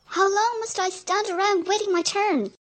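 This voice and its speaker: Gertrude, a man doing a squeaky fretful gannet hen. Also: steady tone, normal speed, fairly bright tone. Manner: high squeaky exclamations. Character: excitable fretful female gannet.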